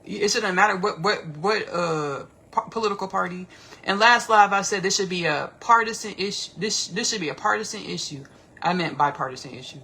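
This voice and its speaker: A woman hosting a casual livestream, talking in an animated, rambling, slangy way and repeating herself often. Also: mid-range voice, a little fast. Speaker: podcast host.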